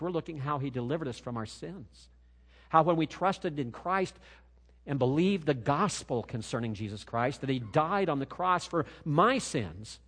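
A man's voice: fairly high pitch, in a large hall. A man preaching a sermon as pastor, with an emphatic, rising and falling cadence.

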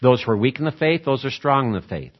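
A man preaching a sermon, emphatic, repeating words for stress and switching between slow, weighty phrases and quick runs. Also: mid-range voice, animated, lo-fi sound. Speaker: pastor.

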